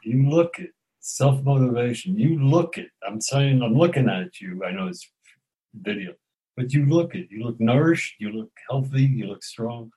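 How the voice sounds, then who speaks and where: An older man, a guest actor, telling rambling anecdotes in casual chat, trailing off softly. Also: medium pitch, animated, normal speed, poor audio.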